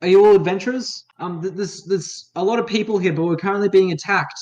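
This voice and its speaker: Man playing frantic armored survivor, urgent halting plea, pitched up, muffled lo-fi audio. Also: darkish tone, lightly acted. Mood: pleading. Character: desperate armored human survivor pleading for help.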